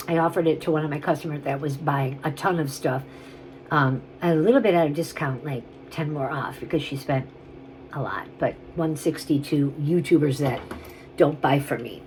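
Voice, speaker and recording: Woman, jewelry seller, casual rambling chat, lowish voice, faint background hiss. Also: normal speed, darkish tone, low-quality recording. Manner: chatty, rambling, gushing over pieces. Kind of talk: casual on-camera selling chat.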